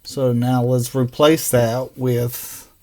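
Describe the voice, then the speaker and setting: Man, phonics teacher, slow sounding-out of letters, gravelly voice, middle-aged. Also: mid-range voice, level tone, mellow. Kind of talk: phonics lesson for children.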